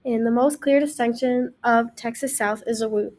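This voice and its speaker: A woman's voice: a little high, fairly even intonation, moderate pace, a little mellow. A young woman reading the closing part of a class presentation from a script. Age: young adult. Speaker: student presenter.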